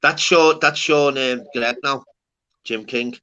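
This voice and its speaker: A man's voice: medium pitch, takes it slowly, sharp tone, highs cut off. A young adult man with a Scouse accent, hosting a casual, swear-heavy chat full of banter.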